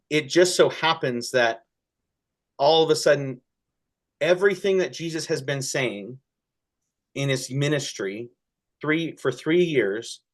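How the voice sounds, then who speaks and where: A man speaking as a pastor in a conversational church discussion, earnest and halting, often restarting, with feeling rising in his voice. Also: mid-range voice.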